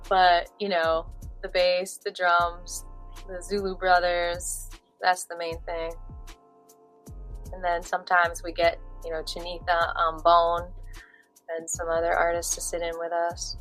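Chatty woman musician with a lowish voice. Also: slow pace, faint music behind, low-quality recording. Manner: chatty and animated, with many fillers. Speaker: musician guest. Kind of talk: casual interview chat.

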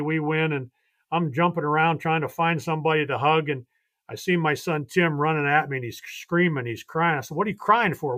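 A man's voice: a little high, fairly bright tone. An older man, a veteran baseball coach, telling earnest and heartfelt personal stories as a podcast guest. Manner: earnest, heartfelt storytelling with frequent restarts. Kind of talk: podcast storytelling.

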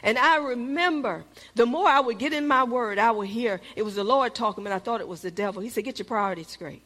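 A middle-aged woman pastor, preaching with a fairly high voice. She calls out to the congregation and swings between firm, raised emphasis and hushed whispers. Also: a little fast. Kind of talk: sermon.

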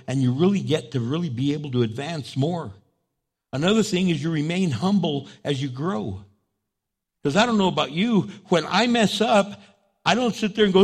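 Impassioned preacher man, fairly high voice. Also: moderate pace. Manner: impassioned, voice drops low and soft in prayer, rises loud when exhorting; acts out inner voices and quoted prayers. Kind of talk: sermon with spoken prayer.

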